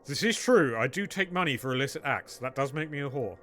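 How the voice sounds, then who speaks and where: A man's voice: mid-range voice, expressive, brisk, pushed and bright. A man streaming a game live, chatting casually with his viewers in a joking, irreverent way.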